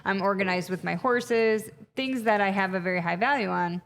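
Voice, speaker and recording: A woman guest in a conversational interview, telling stories in an animated way with lots of fillers. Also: mid-range voice, normal speed. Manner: animated storyteller, many fillers. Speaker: podcast guest, retreat facilitator. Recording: long reverb, echoey room.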